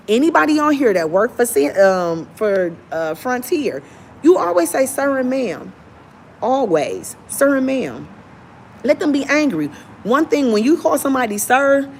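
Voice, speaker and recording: A young woman venting about airline customer service in an opinionated rant to camera, now and then putting on a soft, polite service voice. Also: on the high side, a little hiss or hum. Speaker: travel vlogger.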